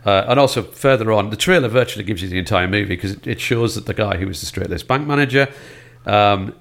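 A man's voice: lowish voice, fast, vocal fry, a bit bright. An older man chatting about films as a guest, telling stories with a dry sense of humor. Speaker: film guest. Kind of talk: casual film chat.

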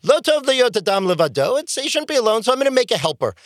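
A man's voice: extremely high pitch, sing-song, very fast, fairly bright tone, no echo, studio quality, pitched above the performer's own voice, heavily acted. A man playing God in a retold Bible story, speaking in a casual, slangy way. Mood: easygoing. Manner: breezy, modern slang. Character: casual chatty God laying down law.

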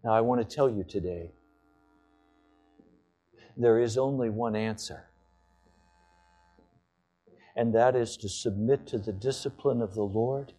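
A man's voice: medium pitch, a little slow, long pauses, mellow. A male pastor delivering a sermon to his congregation, building to fervent declarations. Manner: impassioned preaching, rising to fervent declarations.

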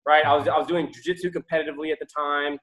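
A man's voice: fairly high pitch, racing, poor audio. A young man, a guest entrepreneur, telling stories in a casual interview, swearing freely and laughing often. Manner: animated, profane, laughs often.

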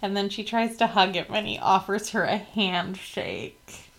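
A woman's voice: mid-range voice, measured pace, gravelly, slight background noise. A woman co-hosting a podcast, casually leading the talk with frequent fillers. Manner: relaxed, leads the rundown, frequent "like" and "um". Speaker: podcast co-host. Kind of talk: casual chat.

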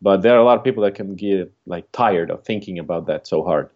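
Speaking quickly in a low, somewhat dark voice, a man from Chile co-hosts a laid-back conversation in Chilean-accented Spanish. He's reflective and meandering, packing his speech with fillers, and the recording sounds dull and lo-fi.

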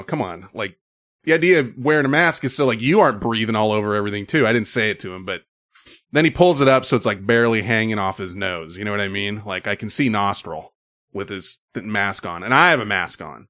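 A man's voice: medium pitch, a bit bright, no echo, clean studio sound. A man hosting a casual chat, telling rambling stories with many fillers.

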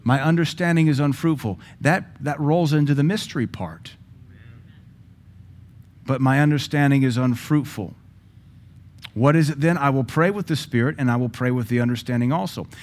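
A male pastor teaching a sermon in a lively, joking way, now and then breaking into praying in tongues. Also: medium pitch, moderate pace.

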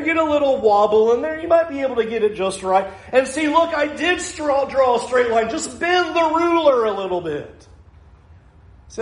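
A man preaching a sermon as pastor, animated, acting out imagined people with playful asides. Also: extremely high pitch, echoey room. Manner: animated, acts out imagined speakers.

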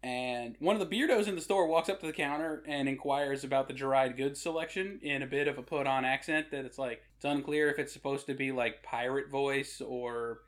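A man's voice: mid-range voice, fairly quick, hardly any pauses. A man hosting a podcast, telling jokey anecdotes in casual conversation. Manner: joking anecdotal storyteller. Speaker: podcast host.

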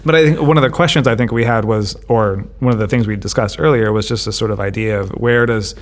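A man's voice: on the low side, fast. A man co-hosting a podcast, talking through ideas in a thoughtful casual way and often repeating words as he thinks. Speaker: podcast co-host. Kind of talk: casual discussion.

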